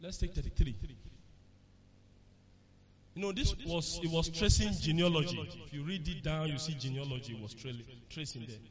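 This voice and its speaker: A man's voice: fairly high pitch, moderate pace, long pauses, a little hiss or hum. A man preaching a sermon in a church, asking the congregation questions and answering them himself. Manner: animated preaching with call-and-response questions. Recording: lo-fi recording with congregation behind.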